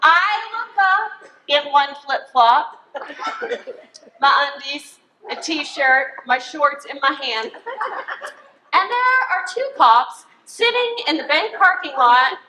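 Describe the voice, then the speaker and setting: Lady bible teacher telling a wild story, real high voice, laughing a lot, roomy echo. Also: slow pace, slight background noise. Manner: animated, laughing storyteller, squeals when excited. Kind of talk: storytelling to a Bible study class.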